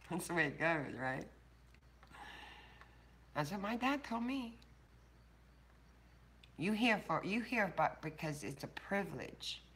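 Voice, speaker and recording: An older woman hosts a casual livestream, talking bluntly and swearing freely straight to her chat viewers. Her lowish voice is fairly bright, with lively intonation, a slow pace, and long pauses.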